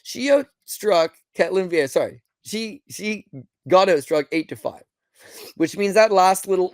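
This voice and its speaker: A man with a slightly high voice, recorded dry, hosts a solo fight-recap podcast. He rants bluntly and in exasperation, swearing, asking rhetorical questions, and mimicking people as he goes.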